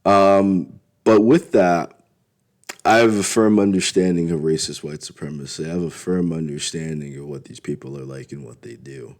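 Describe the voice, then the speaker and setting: A man's voice: sits low, moderate pace. A man in a blunt, rambling, profane casual monologue for his vlog. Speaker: vlogger.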